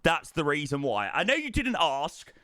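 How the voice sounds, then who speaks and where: A man's voice: a little high, huge pitch swings, normal speed, sharp tone, dry recording. A man, chatting casually to viewers during a flight sim stream, greeting them by name and repeating words. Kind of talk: casual live-stream chat.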